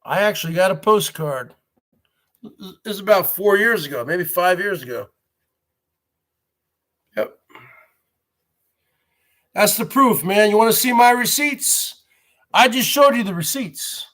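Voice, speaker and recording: Male livestream host, high voice, slow delivery, repetitive rhetorical questions. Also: lively intonation, a bit bright. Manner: addresses audience as folks. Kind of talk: rambling live-stream monologue.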